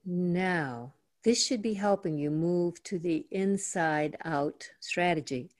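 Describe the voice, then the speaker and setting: An older woman teaching meditation in a calm, measured way, slowing down to stress her points. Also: fairly low pitch, no room sound, studio quality. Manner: calm, measured, slows down for emphasis. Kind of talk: teaching talk. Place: home in the mountains.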